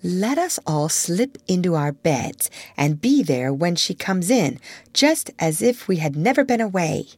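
A woman's voice: on the low side, sing-song, a little slow, darkish tone, no room sound. A woman reading aloud voices an earnest, motherly young girl in a storybook.

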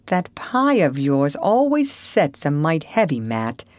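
A woman voicing a sour, aggrieved middle-aged farm wife with sharp, plaintive rural speech. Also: low-pitched, big pitch swings, takes it slowly, no echo, full character voice.

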